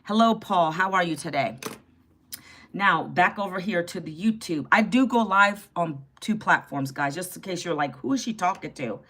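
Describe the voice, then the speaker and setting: Woman in her 50s doing a live stream on her phone, bright voice, chatty and a bit sassy with the chat. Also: lowish voice, expressive, moderate pace. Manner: chatty and sassy, greets viewers and answers chat. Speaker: livestream host.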